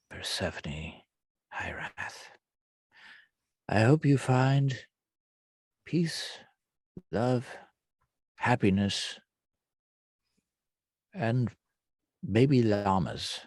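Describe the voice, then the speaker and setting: A man voicing an old father, soft and wistful, saying his goodbyes in a tabletop game. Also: on the low side, lively intonation, very slow, long pauses, dry recording, clean studio sound, heavily acted. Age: older.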